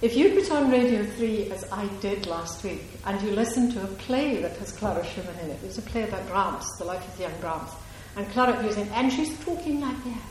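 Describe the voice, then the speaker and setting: A woman's voice: medium pitch, brisk, hardly any pauses. A woman from Scotland, an author answering audience questions in a chatty, digressive way, laughing often. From Ayrshire, Scotland. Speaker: author at a reading. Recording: echoey hall with faint noise.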